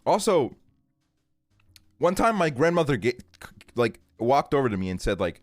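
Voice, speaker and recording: A man's voice: mid-range voice, big pitch swings, moderate pace, long pauses, dry recording, clean studio sound, soft background music. A man in his twenties chatting casually on a stream, ranting with plenty of swearing and frequent laughter. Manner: profane, ranting, laughs often.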